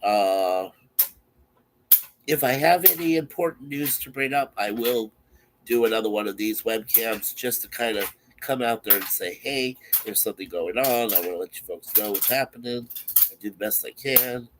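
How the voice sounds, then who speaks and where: A man's voice: medium pitch, normal speed, noisy background. A man who is sick, coughing now and then, chatting casually and in an easygoing, rambling way to his stream viewers from his webcam.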